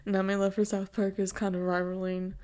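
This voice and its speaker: A young woman hosts a casual podcast on a new windscreen-less desk mic, gushing, laughing often and swearing casually. Her mid-range voice keeps a level tone, a little mellow and a little fast.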